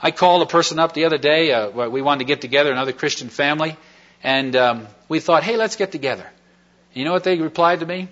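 Giving his testimony in a sermon, this man speaks briskly and expressively in a slightly high, somewhat bright voice. His personal story meanders in a folksy way, packed with fillers and false starts, and the lo-fi recording sounds dull.

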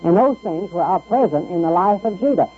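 A man with a high, husky voice delivers a radio sermon in an easy, conversational way. He stumbles and restarts now and then, and he acts out the voices he quotes. The sound is thin and phone-like, with faint music underneath. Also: lively intonation, fairly quick. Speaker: preacher.

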